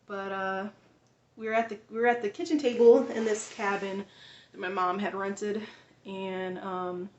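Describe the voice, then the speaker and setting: A woman's voice: medium pitch, little pitch movement, measured pace, darkish tone, echoey room, muffled recording. A woman vlogger telling a personal story in a casual, rambling way, full of fillers, restarts and frequent laughs.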